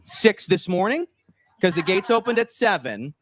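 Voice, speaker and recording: A lively man, his pitch bouncing all over as he jokes and tells stories. His voice sits a little high for a man. The sound is close and dry. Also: normal speed, no echo. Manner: playful, jokey, animated storyteller. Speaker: radio show co-host. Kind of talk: casual live broadcast chat. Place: outdoors at a state fair stage.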